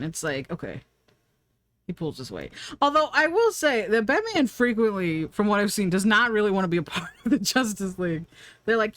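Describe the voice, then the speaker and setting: A woman's voice: medium pitch, big pitch swings, brisk, no echo. A woman streamer chatting casually while she draws, rambling from thought to thought, laughing often and answering her chat.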